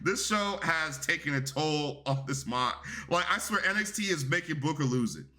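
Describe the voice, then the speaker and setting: A man's voice: a little high, animated, moderate pace, noisy background. A young man giving a casual, rambling and profane review of a wrestling show.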